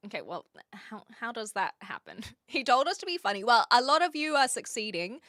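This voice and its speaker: A woman with a mixed New Zealand, Australian and British accent chats casually on a live stream, often giggling. Her voice sits high and swoops up and down with lots of life. The sound is bright and dry, close to the mic. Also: very animated, a little fast, no echo. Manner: giggly, reads viewer chat aloud. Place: attic.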